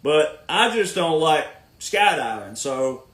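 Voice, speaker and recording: Emphatic high-voiced man in a roomy space. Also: very animated, slow pace, a bit bright. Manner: emphatic, sarcastic, lecturing. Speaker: podcast host. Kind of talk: casual podcast rant.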